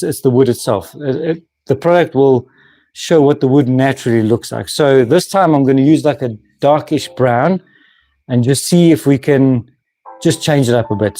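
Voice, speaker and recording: A South African woodworking host chats casually with viewers on a live stream, laughing often and restarting sentences. His voice is medium-pitched and dark, with no room sound, recorded through the camera mic of a moving handheld camera.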